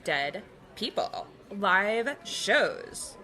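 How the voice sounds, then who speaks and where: A woman's voice: mid-range voice, sing-song, very slow, pushed and bright, soft background music. A woman co-hosting a comedy show, brash and profane in scripted banter. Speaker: podcast co-host.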